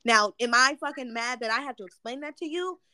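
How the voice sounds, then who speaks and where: A woman's voice: on the high side, a little fast, sharp tone, no room sound, clean studio sound. A woman talking as a podcast guest, candid and reflective, with casual swearing. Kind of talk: casual chat.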